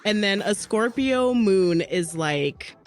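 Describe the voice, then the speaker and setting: A woman's voice: mid-range voice, animated, slow pace. A woman co-hosting a podcast in sassy, playful, profane casual chat. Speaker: podcast co-host.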